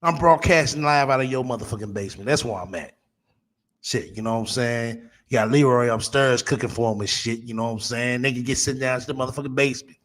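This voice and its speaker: A man's voice: mid-range voice, quick pace, fairly bright tone, long reverb tail. A man hosting a live stream from a basement, reacting to a video with casual commentary, swearing a lot and laughing often.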